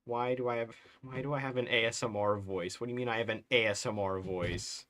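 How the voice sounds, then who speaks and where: A man with a soothing, soft-spoken voice giving casual live-stream commentary, thinking aloud, mumbling and correcting himself as he works. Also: mid-range voice, fairly even intonation, brisk.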